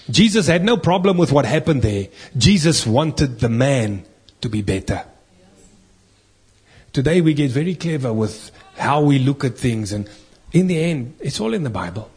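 A man's voice: mid-range voice, darkish tone, breathy edge. A man preaching a sermon, reading scripture and asking earnest rhetorical questions.

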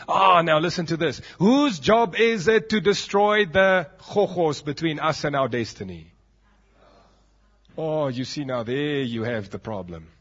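A man's voice: fairly high pitch, fairly bright tone. A South African man preaching a sermon as pastor, emphatic, with dramatic drops in his voice, on a dull lo-fi recording.

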